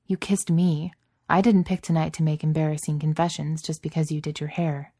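A sharp, defensive genius heroine who hides behind quips, voiced by a woman reading the story aloud. Her voice sits low and mellow, and gets pushy and higher when pressed. The sound is dry and close. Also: little pitch movement, fairly quick, husky, dry recording. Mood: cool. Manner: quippy and defensive, rising when upset.

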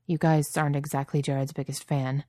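A woman voicing a gentle, anxious young man in a storybook reading, speaking softly and hesitantly. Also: low voice, little pitch movement, brisk, no room sound, clean studio sound, close to an everyday voice. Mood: earnest.

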